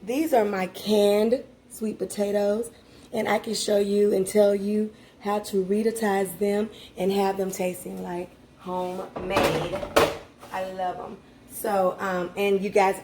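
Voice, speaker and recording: A woman's voice: medium pitch, level tone, slow pace, warm tone, slight background noise. A woman hosting a casual home cooking vlog, chatty and heartfelt, talking straight to her viewers from her kitchen. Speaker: cooking channel host.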